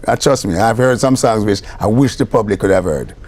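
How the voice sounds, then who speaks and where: An older man with a Jamaican accent, a record producer telling studio stories in a lively way, slipping between patois and English. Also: fairly low pitch, fairly quick, husky. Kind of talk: storytelling interview talk.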